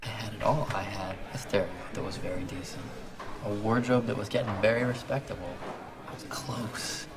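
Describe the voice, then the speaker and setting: A weary young office worker, played by an actor, speaks in a flat, subdued way in film dialogue. His low voice sounds distant from the microphone. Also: brisk, crowd noise, lightly acted. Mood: wistful.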